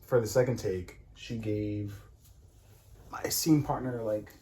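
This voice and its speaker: A man's voice: fairly low pitch, steady tone, slow pace, dark tone, reverberant, soft background music, low-quality recording. A man casually recapping an acting class at home, rambling with many fillers and restarts. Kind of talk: casual storytelling chat. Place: home room.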